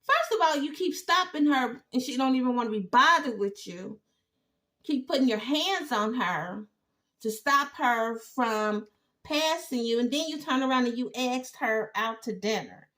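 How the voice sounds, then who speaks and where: A woman giving a casual, animated TV episode recap with exclaiming asides. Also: on the high side, a little slow. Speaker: TV recap host.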